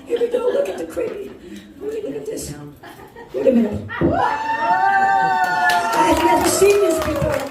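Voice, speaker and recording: A woman's voice: extremely high pitch, very animated, unhurried, pauses often, heavy background noise. A woman in her sixties from Wisconsin performing a stand-up comedy set, self-mocking and laughing through her lines. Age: 60s. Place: bar comedy stage. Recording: roomy bar sound from far off, crowd laughter. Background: audience laughing.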